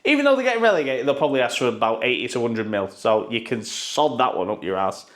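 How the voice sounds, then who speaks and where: A man's voice: medium pitch, lively intonation, quick pace. A man giving casual, sarcastic football news commentary, full of swearing and mocking asides.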